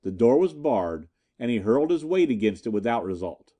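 Brief: male storyteller for a pulp audiobook, warm and expressive. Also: medium pitch, normal speed. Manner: lively storytelling. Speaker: narrator. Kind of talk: audiobook reading of pulp fiction.

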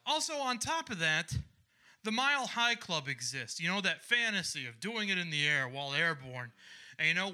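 A young man from Ohio performs stand-up into a handheld stage mic, his voice pitched high and extremely bright. He is crude and sardonic, often swelling into loud ranting bits. A faint hiss sits behind him. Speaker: stand-up comedian. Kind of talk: stand-up comedy set.

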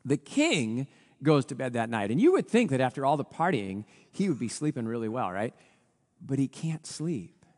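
Animated male pastor in an echoing hall. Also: mid-range voice, moderate pace. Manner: animated retelling that acts out the characters' lines. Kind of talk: storytelling sermon.

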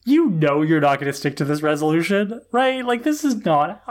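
Low-voiced blunt woman podcast host. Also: big pitch swings, moderate pace. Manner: blunt, exasperated rants. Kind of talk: casual recap chat.

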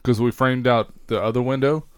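A man's voice: medium pitch, fairly even intonation, fairly quick, clean tone, no room sound. A man in casual chat, easygoing and dry-humored, with hesitant fillers.

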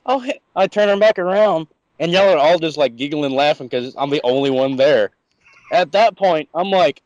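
A man tells stories on a podcast, acting out what he and others said and swearing freely. His voice sits at a middle pitch. The audio is dry and a bit dull. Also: fairly quick, no room sound. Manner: animated storyteller who acts out voices. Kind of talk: crude casual podcast chat.

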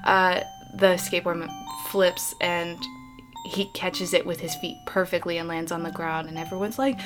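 A woman hosting a podcast, retelling a story in a lively, chatty way and acting out the characters' lines. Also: fairly low pitch, over music. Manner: animated retelling, acting out the kids' lines in quick bits. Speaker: podcast host. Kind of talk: casual podcast recap.

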